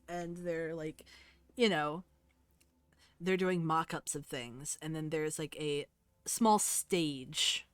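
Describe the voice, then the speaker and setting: A woman narrating a tabletop game as game master, descriptive and relaxed. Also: low-pitched, no echo.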